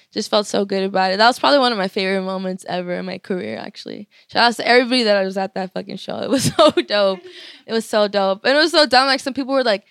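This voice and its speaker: A woman's voice: mid-range voice, a bit bright, clear, resonant tone, dry recording, clean studio sound. A young woman, a musician guest, telling stories in a casual, profane way full of filler words. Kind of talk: casual interview storytelling.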